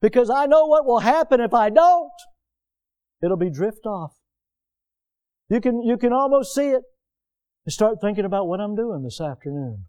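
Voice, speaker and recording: A man preaching a sermon from the pulpit in a lively, conversational way, full of repetition and everyday asides. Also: high voice, moderate pace, long pauses, smooth. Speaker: pastor. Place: church.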